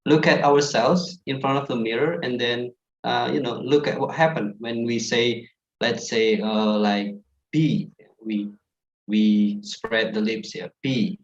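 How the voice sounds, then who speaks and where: A man's voice: mid-range voice, measured pace. A man giving pronunciation tips in a chatty way, full of fillers, on a video call. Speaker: pronunciation presenter. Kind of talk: teaching tips on an online class call. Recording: echoey room, dull online call audio.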